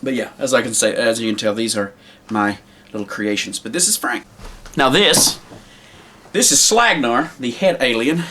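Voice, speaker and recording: A man's voice: mid-range voice, moderate pace, sharp tone, slight background noise. Rambling man showing his homemade puppets. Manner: rambling, with many ums and restarts. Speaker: puppet maker. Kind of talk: casual show-and-tell.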